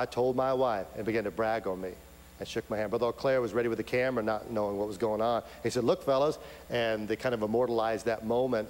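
A man preaching a sermon, swinging from loud, emphatic peaks to soft, intimate asides. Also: fairly low pitch. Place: large church sanctuary. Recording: hall reverb, faint hum.

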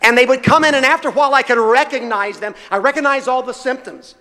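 A man with an extremely high, bright, forceful voice preaches fast to a congregation. He's fervent and emphatic, his voice rising in bursts as he presses his points, and the hall sound is reverberant.

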